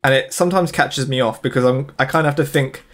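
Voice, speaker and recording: A man's voice: mid-range voice, fast, a bit bright. A young British man from the UK, chatting casually with his viewers while he plays a game, laughing often and answering their comments. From United Kingdom. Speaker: streamer. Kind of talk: casual chat while gaming.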